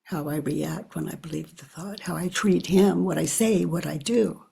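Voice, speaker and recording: Husky older woman, quiet and reflective. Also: low voice. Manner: slow and reflective, often sinking to a hush; thinks aloud with pauses. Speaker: spiritual teacher. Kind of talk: guided self-inquiry talk.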